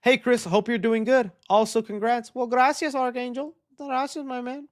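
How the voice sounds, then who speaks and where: A young man hosting a live stream, reading viewer questions out loud and answering them in a chatty, upbeat way. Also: very high voice, fairly even intonation, moderate pace. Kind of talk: casual live-stream chat.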